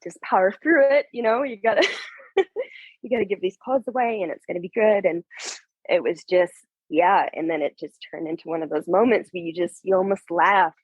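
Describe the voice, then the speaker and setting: A young woman talks candidly and with feeling, her voice husky and a little breathy. She tells a personal story in a lively way and laughs as she goes. The sound is dry and close. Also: on the low side, brisk, dry recording, phone-quality sound. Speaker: podcast guest. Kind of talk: emotional storytelling.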